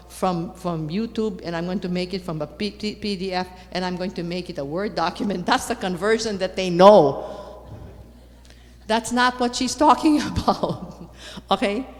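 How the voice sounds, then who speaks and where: A woman giving a lively conference talk, repeating her points for emphasis and putting rhetorical questions to the audience. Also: lowish voice, normal speed. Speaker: conference speaker. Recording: long hall reverb.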